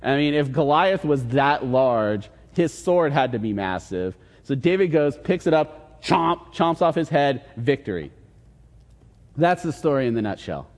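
A man's voice: mid-range voice, very animated, measured pace. A man preaching a casual sermon, retelling a Bible story in an easy conversational way with quoted dialogue. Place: church hall. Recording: long reverb in a large hall.

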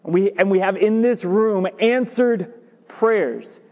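A man preaching a sermon as pastor, animated and jokey, repeating his points for emphasis. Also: high voice, slow pace. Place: church sanctuary. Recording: reverberant church hall.

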